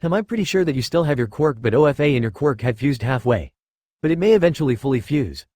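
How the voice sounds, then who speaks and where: A gentle female spirit of a past hero, read by a man. Her lines are read fast and level. The sound is dry and close. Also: medium pitch, expressive, dry recording, natural voice.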